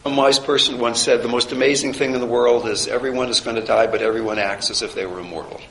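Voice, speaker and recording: A man's voice: mid-range voice, steady tone, quick pace, a bit bright. Reflective man lecturing in a roomy space. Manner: reflective, conversational, with wry humor. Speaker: teacher of a chaplaincy course. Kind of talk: informal classroom lecture. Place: classroom. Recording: roomy with faint background noise.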